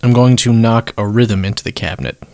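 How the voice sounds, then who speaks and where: A man's voice: mid-range voice, a little fast, darkish tone. A man taking his turn as a player in a tabletop game, hesitant and restarting his sentences. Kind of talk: casual tabletop game play.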